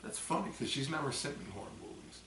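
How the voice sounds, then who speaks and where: Vlogger, male, gravelly edge, rambling storyteller, a bit tipsy, distant mic in an echoey room. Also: medium pitch, quick pace, a little hiss or hum. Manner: rambling animated storytelling with loud acted screams. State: tipsy from drinking. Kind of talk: casual chat.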